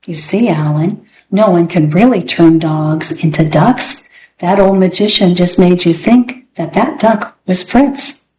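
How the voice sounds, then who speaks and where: A woman voicing a kind, gently amused older woman, speaking in a gentle, reassuring way in a storybook reading. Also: on the low side, measured pace, slight background noise, close to an everyday voice. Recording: roomy echo.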